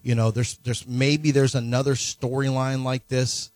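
A man's voice: mid-range voice, flat delivery, unhurried, darkish tone, no room sound, studio quality. A man co-hosting sports radio, rambling and interrupting himself with incredulous asides. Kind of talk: casual sports talk.

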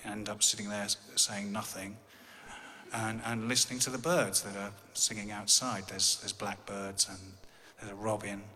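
A man's voice: fairly low pitch, level tone, normal speed, bright, forceful tone, big-room sound. An English man telling a personal story in a conversational way with dry, wry humor. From England.

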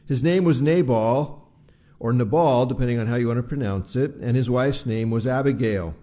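A male pastor preaching a live Sunday sermon, measured and slowing to stress key words. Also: medium pitch, dark tone. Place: church service recorded live.

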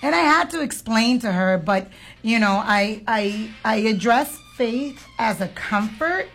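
A woman's voice: fairly high pitch, measured pace. A woman in her thirties from Puerto Rico, co-hosting a candid chat, speaking earnestly about grief and acting out her children's words. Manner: earnest, open about grief, animated when quoting her kids. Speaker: podcast co-host.

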